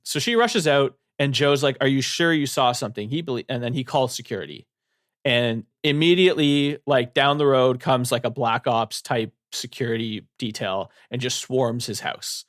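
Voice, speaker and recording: A man's voice: mid-range voice, normal speed, dry recording, clean studio sound. Man casually retelling a novel's plot. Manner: retells plot in a loose, animated way with many "like" fillers. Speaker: podcast co-host. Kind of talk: casual book discussion.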